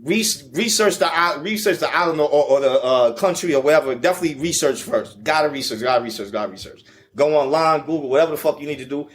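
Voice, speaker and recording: A man's voice: a little high, fast, few pauses. A man, the featured guest, telling a travel story in a casual, profane, slang-heavy way.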